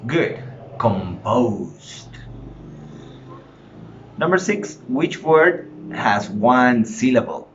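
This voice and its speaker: A male teacher gives a home-recorded lesson at an unhurried pace, stretching each prompt. His voice sits in a middle register. The recording is dull and lo-fi with faint background hiss. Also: mid-range voice, expressive, fairly bright tone. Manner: slow, drawn-out classroom prompting. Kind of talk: online class lesson.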